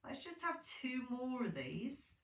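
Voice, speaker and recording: Woman instructor, fairly high voice, echoey room a little off-mic, calm and encouraging. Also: a little slow, far from the mic. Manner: calm, encouraging, chatty asides. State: sleepy, yawning. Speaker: pilates instructor. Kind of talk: guided exercise class instructions.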